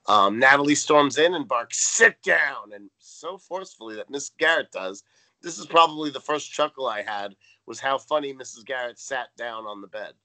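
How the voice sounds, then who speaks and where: A man's voice: mid-range voice, animated, moderate pace, pushed and bright, no echo, low-quality recording. A man co-hosting a podcast, chatting casually as he recaps an old sitcom episode, swearing freely and acting out characters' lines. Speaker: podcast co-host.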